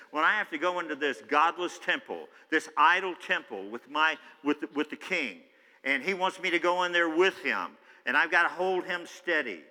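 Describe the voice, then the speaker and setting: A man preaching in a church sanctuary, with a very bright, ringing voice pitched a touch high. He swings between loud, excited bursts and quiet asides and acts out the Bible characters himself. Long hall reverb trails after every phrase. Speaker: pastor. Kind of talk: sermon.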